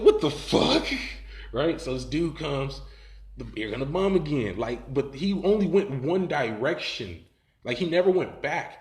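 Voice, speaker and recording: A man's voice: medium pitch, darkish tone, echoey room. A man telling a story in casual, profane talk, rambling and laughing as he goes.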